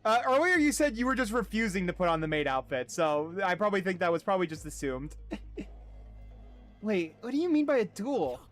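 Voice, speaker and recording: A chatty male streamer with a high voice talks casually while he plays, laughing often. Now and then he rattles off game dialogue aloud, fast and loud. Faint music sits under his voice. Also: very animated.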